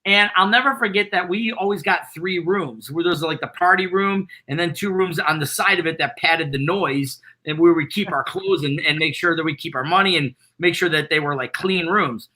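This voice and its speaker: Man, middle-aged, high voice, very bright tone, rambling storyteller. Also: normal speed, few pauses. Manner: excited, rambling anecdote-teller. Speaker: band founder, interview guest. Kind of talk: casual storytelling.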